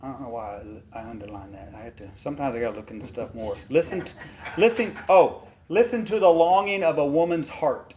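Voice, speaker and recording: A man's voice: mid-range voice, fairly quick, darkish tone. A man, hosting a show. He reads aloud from a book and breaks off into blunt, folksy, fired-up rants. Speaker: podcast host reading a book aloud. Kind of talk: casual commentary mixed with reading aloud.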